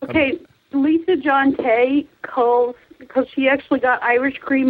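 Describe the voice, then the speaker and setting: A woman's voice: high-pitched, fairly even intonation, measured pace. A woman chatting casually on a podcast, telling rambling stories. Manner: rambling storyteller. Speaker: podcast guest on the line. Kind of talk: casual chat. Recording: tinny phone line.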